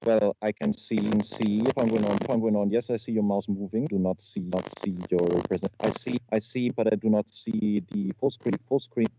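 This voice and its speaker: Guy winging a goofy slideshow on a video call, keeps repeating words, mellow voice, dull lo-fi mic w/ a bit of hiss. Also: on the low side, steady tone. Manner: halting, repeats words, stumbles and restarts. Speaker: improv presenter. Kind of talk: improvised comedy slide presentation. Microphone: video call microphone. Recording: muffled lo-fi call audio with faint noise.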